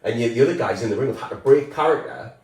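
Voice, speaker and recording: A man's voice: medium pitch, racing, a little mellow. A man in his forties hosting a podcast in casual chat, rambling and swearing with lots of fillers. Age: 40s. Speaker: podcast host. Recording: roomy, distant mic.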